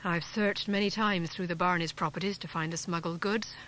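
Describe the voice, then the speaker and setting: A woman reading the part of a big, grim farmer in an audiobook, stern and deliberate in her own voice. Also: on the low side, steady tone, a bit bright, a little hiss or hum, lightly acted, rough recording.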